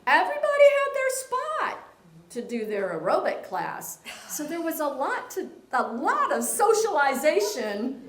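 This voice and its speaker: A woman's voice: sits high, wildly swooping pitch, a little slow. A woman fitness instructor speaking playfully at a seminar, laughing often and leading the room. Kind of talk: lively seminar talk. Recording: roomy hall with audience.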